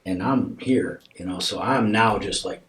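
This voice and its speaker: A man on a podcast telling a personal story in a casual interview, animatedly acting out both sides of the dialogue and dropping to a soft, hushed voice at tender moments. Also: on the low side, a little slow, a crowd in the background. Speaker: podcast guest.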